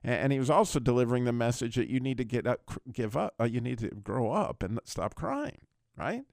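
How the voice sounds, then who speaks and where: Male faith-radio host, earnest rambler, lively pitch, dry studio sound. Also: fairly quick, creaky, dry recording. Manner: earnest, rambling, repeats words while retelling a film. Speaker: radio talk show host. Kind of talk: Christian radio talk.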